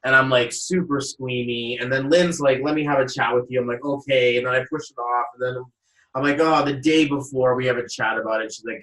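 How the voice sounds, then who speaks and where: A man chats casually on his podcast, bouncing between his own voice and lively impressions of the people in his story. His voice sits in a middle register. The room is echoey and he is set a bit back from the microphone. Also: medium pitch, fairly quick. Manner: animated storyteller who acts out quotes. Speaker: podcast host. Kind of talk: casual chat. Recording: roomy echo, voice a little far off mic.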